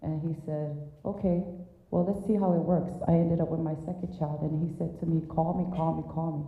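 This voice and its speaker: A low-voiced middle-aged woman gives a candid eulogy for her father, telling stories with wry self-deprecating asides. Her voice rings in an echoey hall. It comes through thin and tinny, like a phone line. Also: fairly even intonation, brisk. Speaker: daughter giving a eulogy. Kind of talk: personal memorial speech.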